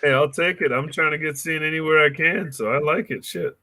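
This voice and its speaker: A man's voice: on the high side, brisk, pushed and bright, no echo. A man from the United States, a comedian and producer, joking and swearing freely while chatting in a podcast interview.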